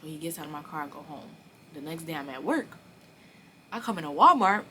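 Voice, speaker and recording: A woman in her early twenties telling a personal story in a casual, animated and profane way, acting out the dialogue. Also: low-pitched, fairly quick, noisy background. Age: early 20s. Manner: animated, blunt and profane, acts out quoted dialogue. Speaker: storyteller vlogger.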